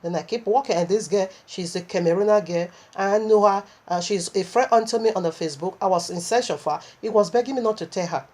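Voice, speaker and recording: A woman's voice: mid-range voice, fast talker, few pauses, darkish tone. A woman preaching a sermon, impassioned and repetitive, with stammering restarts as she recounts a vision.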